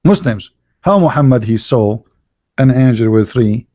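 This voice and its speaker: A man talking in a casual, sarcastic monologue, full of halting fillers and mockery. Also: medium pitch, animated, dark tone, no echo. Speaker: online religious debater.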